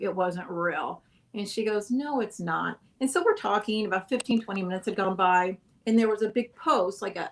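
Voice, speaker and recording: A woman tells a long story as a guest on an interview show. She rambles, corrects herself as she goes and laughs often. Her voice sits in a middle pitch.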